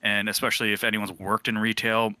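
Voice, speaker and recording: A man in his thirties casually telling a lively story and acting out the quoted voices. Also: lowish voice, a little fast, no echo. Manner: animated, acts out quoted voices. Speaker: team member sharing a memory.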